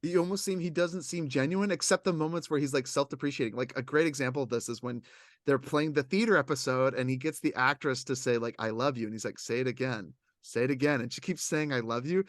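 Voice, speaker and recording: A man's voice: medium pitch, fast, no room sound, studio quality. A man co-hosting a casual chat, rambling and acting out what others said. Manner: animated, rambling, acts out others' lines. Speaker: podcast co-host.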